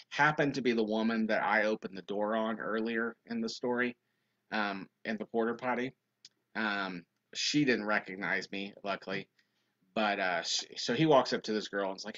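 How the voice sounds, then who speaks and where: A young man with a fairly low voice tells a funny story in a relaxed livestream. He is a youth minister who jumps into high, loud voices when he quotes people. The sound is dull and lo-fi.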